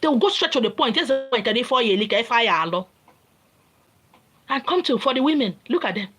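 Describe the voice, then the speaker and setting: Nigerian lady preaching at you, kinda high voice, super lively, keeps repeating herself for emphasis. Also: a little fast, pauses often, husky, rough recording. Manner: emphatic, repetitive, lecturing. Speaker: spiritual teacher. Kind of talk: informal spiritual teaching monologue.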